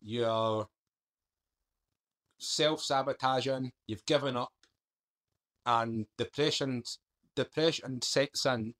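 A man's voice: medium pitch, takes it slowly, long pauses, a bit bright. A man, a guest on a podcast, candidly recounting his past in an earnest storytelling manner. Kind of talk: interview.

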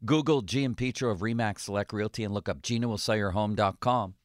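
A man hosting a sports radio talk show, chatting casually with jokes and reading ads in a relaxed, conversational way. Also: lowish voice, a little fast, no room sound, clean studio sound.

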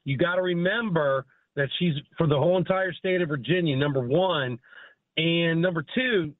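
A man's voice: a little high, moderate pace, no room sound. Emphatic middle-aged male caller on a tinny phone line. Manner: emphatic, insistent, keeps saying "you know what I mean". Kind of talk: phoned-in opinion.

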